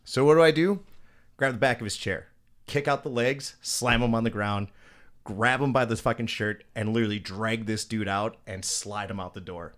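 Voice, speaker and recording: A podcast host with a lowish male voice speaks at a normal speed, telling stories in casual chat. He swears a lot and animatedly acts out the voices of people he quotes.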